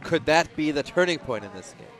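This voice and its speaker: A man commenting on a livestream with quick wisecracks. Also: on the high side, animated, crowd noise. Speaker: curling commentator. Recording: noisy background.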